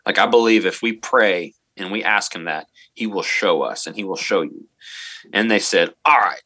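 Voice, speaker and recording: Interview guest, male teacher, lowish bright voice, earnest and halting, dry close sound. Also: dry recording. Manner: earnest, halting, many restarts and fillers. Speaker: middle school math teacher, interview guest. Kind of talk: storytelling in a podcast interview.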